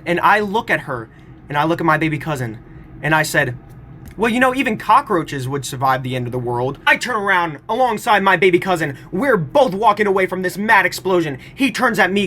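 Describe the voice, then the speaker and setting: A young man in his twenties spins a comic family story straight into his phone, his voice swooping up and down as he goes. The tone is bright and ringing, sitting a little high for a man. He plays every part with theatrical relish. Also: a little hiss or hum. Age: 20s. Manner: playful, theatrical, acts out other people's voices. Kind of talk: animated storytelling to camera.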